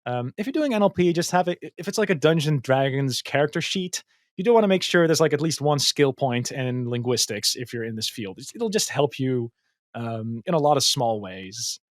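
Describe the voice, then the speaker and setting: A man's voice: medium pitch, lively intonation, moderate pace, dry recording, clean studio sound. A man in a casual podcast conversation, explaining ideas thoughtfully with many ums, likes and restarts. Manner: hesitant, many fillers and restarts. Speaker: guest, machine learning engineer.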